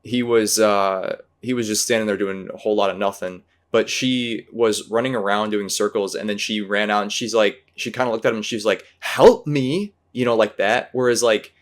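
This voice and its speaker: A man's voice: fairly low pitch, fairly even intonation, brisk, hardly any pauses. A man hosting a casual movie discussion, rambling and hesitant, full of fillers and restarts. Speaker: podcast host.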